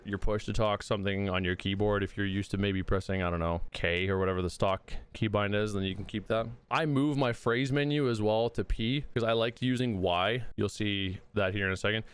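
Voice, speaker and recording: A man's voice: lowish voice, steady tone, moderate pace, clear, resonant tone. A man giving a casual gaming tutorial, slightly out of breath, chatty and laid-back, with occasional mild swearing. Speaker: gaming video creator.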